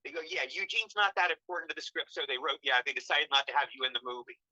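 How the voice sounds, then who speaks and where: An older man, an actor guest, telling animated stories in an interview and acting out quotes in funny voices. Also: a little high, fast, dry recording, muffled recording. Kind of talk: storytelling interview.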